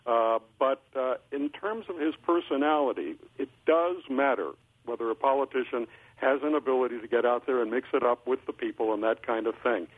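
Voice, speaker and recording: An older male political columnist on a phone line, talking in a measured way with many filler uhs and restarts. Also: medium pitch. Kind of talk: phone-in interview commentary. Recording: phone line, husky tinny sound.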